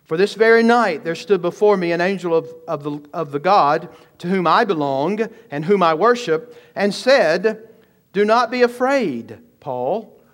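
A man delivers an expository sermon in a fairly high voice. He is emphatic and asks his listeners rhetorical questions. He shifts between slow, weighty phrases and quicker stretches. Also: lively intonation. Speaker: pastor.

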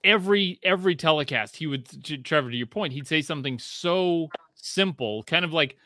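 A man's voice: a little high, a little fast, dry recording, studio quality. A man in casual chat, rambling and profane, full of fillers and restarts, voicing quotes as he tells stories. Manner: animated storytelling with voiced quotes.

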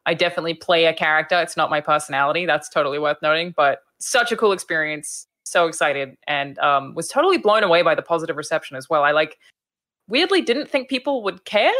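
Woman cohost on a podcast, bright voice, talks fast and excited with lots of likes and ums. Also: low-pitched. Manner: excited, chatty, many fillers. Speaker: co-host. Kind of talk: casual podcast chat.

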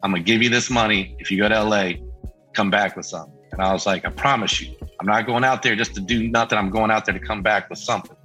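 Faint music plays behind a middle-aged man whose voice sits on the low side as he tells a story at a quick pace. A band member guest in casual chat, he's lively and imitates the people he quotes. The recording is rough.

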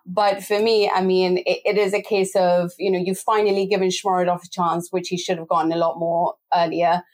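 Fast-talking exasperated woman football host. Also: on the low side, level tone, a little mellow. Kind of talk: casual podcast discussion.

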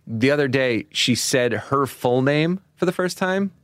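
A man's voice: medium pitch, expressive, unhurried, a bit bright, no echo, clean studio sound. A young man, a podcast's producer, talking in casual chat with an earnest, reflective manner. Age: young adult.

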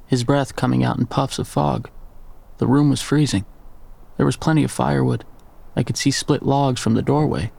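A man giving a measured, scripted first-person story narration. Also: mid-range voice, creaky, darkish tone, a little hiss or hum.

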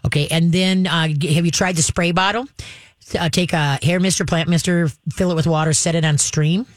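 A woman's voice: lowish voice, steady tone, fairly quick, dry recording, studio quality. A woman hosting a radio call-in show about pets, chatty and direct, acting out the commands she recommends. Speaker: radio pet show host.

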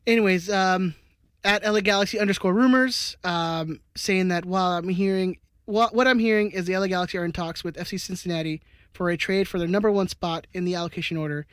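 High-voiced man hosting a podcast. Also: fairly even intonation, brisk, fairly bright tone, clean tone, dry recording, clean studio sound. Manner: playful, teasing, reads out viewer comments. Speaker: podcast host. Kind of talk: casual sports podcast chat.

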